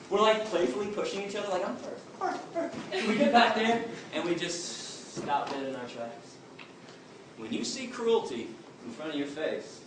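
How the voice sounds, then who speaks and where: A man answering audience questions in an emphatic, plain-spoken storytelling manner. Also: medium pitch. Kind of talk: public talk, Q and A. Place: large echoey hall. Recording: echoey hall from far off, noisy.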